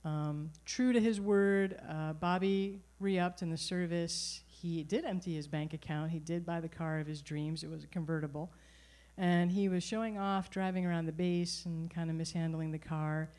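Wry, lower-voiced woman telling a story. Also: moderate pace. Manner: animated, wry and humorous. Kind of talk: live personal storytelling. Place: performance venue.

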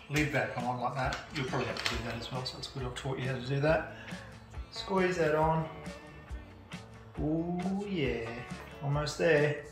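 A man with an Australian accent doing a stand-up comedy set, laid-back and laughing through his lines. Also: medium pitch.

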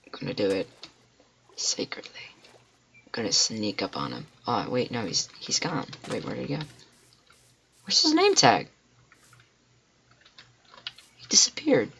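A man records excitable let's play commentary at his desk, blurting exclamations and muttering to himself as he plays. His voice sits at an ordinary middle pitch. Faint keyboard clicks tick behind him. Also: a little slow, creaky, long pauses, slight background noise. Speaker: gamer.

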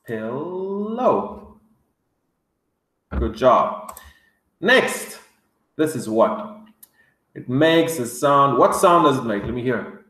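Slow, lively man teaching kids words. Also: medium pitch, roomy sound. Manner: slow, exaggerated word drills with excited gasps. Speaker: English teacher for young children. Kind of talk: vocabulary lesson for kids.

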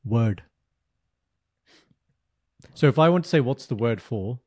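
A British man co-hosting a podcast, chatting and teasing his co-host as he tells stories. His voice is mellow and a little husky. The sound is dry and close, with little room echo. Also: medium pitch, slow. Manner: animated storyteller, teasing. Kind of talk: casual chat.

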